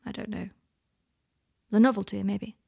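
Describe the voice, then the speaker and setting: A woman reading aloud, voicing a tender fatherly man who speaks softly and openly. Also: fairly even intonation, moderate pace, vocal fry, breathy edge. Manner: soft, low-key, confiding. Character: gentle male parental figure, tender and open.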